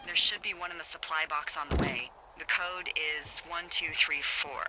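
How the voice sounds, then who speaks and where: An actress playing a wry, teasing lookout supervisor who swears freely, heard over a walkie-talkie radio in a video game. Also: female voice, low-pitched, fairly even intonation, normal speed, heavy background noise. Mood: alarmed bossy. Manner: playful, sarcastic, swears freely.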